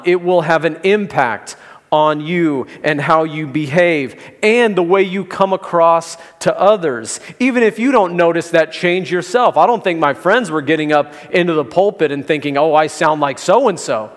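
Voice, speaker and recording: A man preaching a sermon as pastor, in a conversational way with gentle humor. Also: a little high, in a large hall. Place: church sanctuary.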